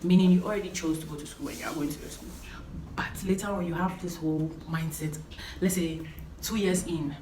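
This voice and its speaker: A woman's voice: lowish voice, fairly even intonation, brisk, mellow. A young woman talking to camera as a vlogger, giving earnest, emphatic life advice and repeating her key points. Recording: roomy echo, faint background noise.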